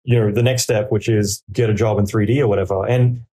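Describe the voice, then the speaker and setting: Man, mellow tone, casual podcast chat, rambling with lots of fillers, acts out quoted thoughts. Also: fairly low pitch, steady tone, brisk, breathy edge. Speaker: podcaster giving career advice. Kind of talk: casual conversational interview.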